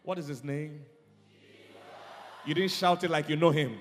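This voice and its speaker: A man's voice: a little high, fairly even intonation, normal speed, pauses often, a crowd in the background, noisy background. A man preaching a charismatic sermon, fervent and calling out to the congregation. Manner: fervent, call-and-response, decreeing loudly. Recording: reverberant church hall with music.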